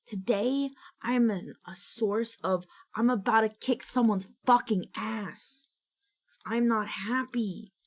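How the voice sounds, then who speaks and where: A woman's voice: a little high, slow pace. A woman streamer chatting casually on a live stream, rambling and frustrated, sometimes slipping into goofy baby talk.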